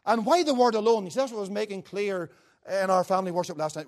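A man preaching a sermon with passion, rising to loud declamation and dropping to quiet, low asides. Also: fast talker.

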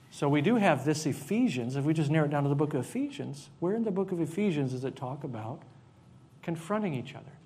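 A man preaching a sermon in a conversational, animated way, with asides to the congregation. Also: on the high side, a little hiss or hum. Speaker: pastor.

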